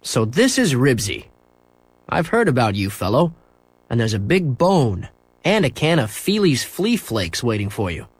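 A man's voice: medium pitch, very animated, unhurried, breathy edge, no echo. A man reading a storybook aloud and voicing a wry, good-humored father.

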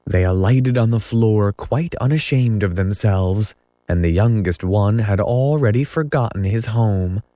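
A male audiobook narrator delivers scripted narration slowly and in a measured way, his low voice carrying a dark tone. The recording is studio quality with no echo.

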